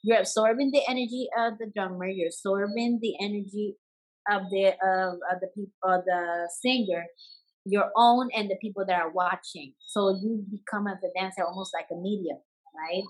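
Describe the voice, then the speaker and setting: A woman's voice: medium pitch, steady tone, moderate pace, poor audio. Woman telling her story. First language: Spanish. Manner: switches into Spanish words, frequent restarts, laughs while telling. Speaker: bomba dancer, interview guest. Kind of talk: casual personal storytelling.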